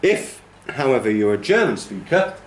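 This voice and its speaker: A man's voice: medium pitch, big pitch swings, normal speed, echoey room, a little hiss or hum. A male teacher trainer giving a classroom lecture, explaining patiently and checking in with "okay?". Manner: demonstrates rhythms by humming and counting.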